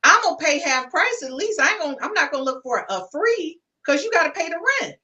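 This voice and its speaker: Bright, emphatic woman podcast host. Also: sits high, sing-song, fast talker, distant mic, muffled recording. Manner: emphatic, preachy, folksy. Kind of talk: casual panel talk.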